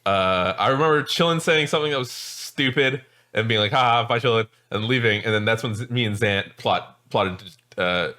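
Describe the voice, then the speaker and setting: A man's voice: on the low side, moderate pace, sharp tone. A man co-hosting a podcast, telling anecdotes in casual chat and laughing often. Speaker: podcast co-host.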